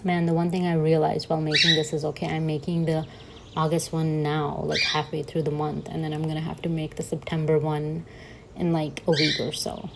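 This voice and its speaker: A woman's voice: deep voice, flat delivery, brisk, gravelly, very noisy. A young woman chatting casually in a voice-over while she sets up her journal, giggling and joking at herself as she goes. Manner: chatty and giggly, self-mocking asides. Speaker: bullet journal vlogger.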